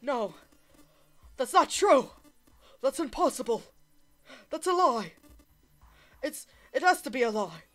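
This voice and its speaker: Proud young man, shaken and clipped, read by a woman, slow delivery, faint music. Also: high voice, big pitch swings, heavily acted.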